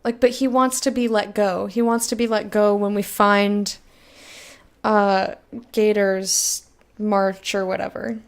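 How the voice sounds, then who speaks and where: Slow and fairly flat in pitch, her mid-range voice guides a casual let's-play stream. She reads game text aloud and chats candidly with viewers, swearing freely.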